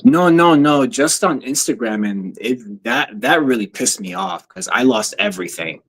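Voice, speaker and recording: A man's voice: medium pitch, big pitch swings, moderate pace, creaky, fairly bright tone, breathy edge. A man talking as a guest on a casual podcast, answering in short, plain replies. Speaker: guest cosplayer. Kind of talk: casual chat.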